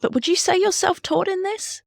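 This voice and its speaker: Soft-spoken woman podcast host. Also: very high-pitched, moderate pace, gravelly, no echo, clean studio sound. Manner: soft-spoken listener, brief affirmations. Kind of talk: conversational interview.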